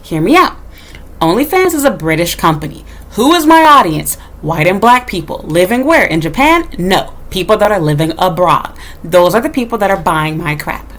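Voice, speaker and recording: A woman's voice: fairly low pitch, sing-song, normal speed, fairly bright tone. A woman YouTuber ranting to her viewers, sassy and blunt, with lots of swearing. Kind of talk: casual rant to camera. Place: home in Japan.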